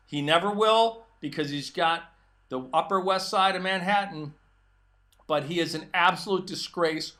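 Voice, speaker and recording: Male host, middle-aged, high and sharp-toned, combative opinion rant. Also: normal speed. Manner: emphatic, combative ranting. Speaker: political commentary host. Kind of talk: opinion monologue.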